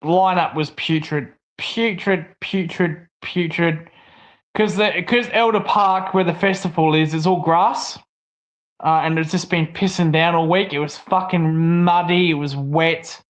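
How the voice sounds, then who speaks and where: A man's voice: fairly high pitch, steady tone, normal speed. A young Australian man co-hosting a livestream, chatting casually and ranting with lots of swearing. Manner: swears a lot, rants. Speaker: livestream co-host. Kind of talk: casual stream chat.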